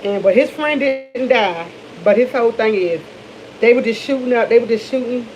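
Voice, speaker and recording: A woman's voice: a little high, animated, moderate pace, lo-fi sound, noisy background. Middle-aged D.C. woman chatting candidly. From Washington, D.C. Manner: candid, rambling, with many restarts. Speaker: vlogger. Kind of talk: casual morning chat to camera.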